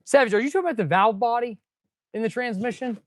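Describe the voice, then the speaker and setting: A man's voice: extremely high pitch, fast, no room sound, studio quality. A man who is a mechanic, chatting casually on a live stream while he works in an auto repair shop, laid-back and calling viewers "dude.". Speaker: auto mechanic and channel host.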